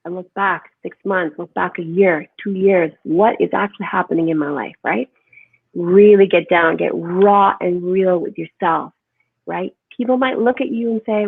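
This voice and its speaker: A woman speaking as a holistic health guest in an animated, emphatic conversational interview, often asking "right?". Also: lowish voice, moderate pace, creaky, husky, dry recording. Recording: tinny phone-like line, dry.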